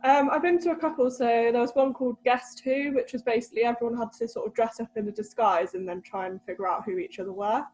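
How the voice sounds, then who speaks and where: Young female attendee, casual and hesitant, slightly high voice, faint hum on the line. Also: expressive, fast, gravelly, hardly any pauses, darkish tone, rough recording. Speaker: webinar attendee, committee member. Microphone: video call.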